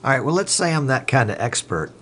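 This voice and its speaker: A man hosting a casual interview show, asking relaxed questions. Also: medium pitch, fast talker, slight background noise. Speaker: show host.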